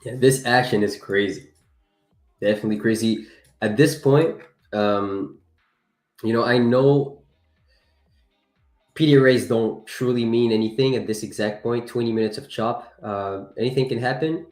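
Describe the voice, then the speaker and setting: A man's voice: mid-range voice, moderate pace, darkish tone, echoey room, soft background music. A man whose first language is French, hosting a live trading stream and chatting playfully with viewers. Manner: chatty, playful, reacts to chat with laughs.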